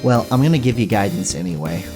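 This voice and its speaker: Very deep-voiced casual man. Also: expressive, fast, music in the background. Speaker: player. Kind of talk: tabletop game play.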